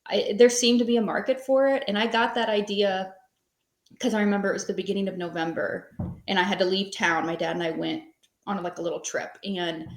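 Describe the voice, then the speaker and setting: A woman's voice: medium pitch, steady tone, fairly quick. Chatty woman telling her story. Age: 30s. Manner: rambling and conversational, with many fillers. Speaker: podcast guest, small business owner. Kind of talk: casual interview storytelling. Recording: echoey room.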